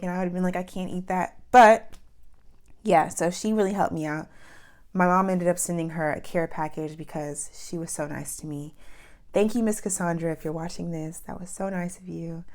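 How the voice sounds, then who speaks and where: Animated young woman vlogger, slightly low voice. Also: moderate pace. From New York. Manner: animated, with many "like" fillers and acted-out quotes. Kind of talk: casual storytelling vlog.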